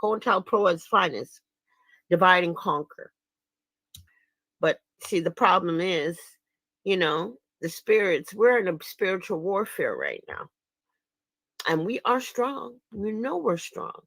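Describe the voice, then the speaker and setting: A woman's voice: on the low side, very animated, unhurried, long pauses, a bit bright, dry recording. A woman giving casual, indignant livestream commentary as an activist, emphatic and laughing scornfully at her critics.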